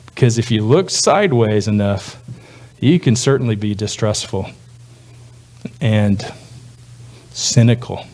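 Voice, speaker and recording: A man preaching a sermon as a pastor, talking in a loose, conversational way and putting on quick voices for the people he quotes. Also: animated, a little mellow. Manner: conversational, voices quoted speakers with jumps in pitch.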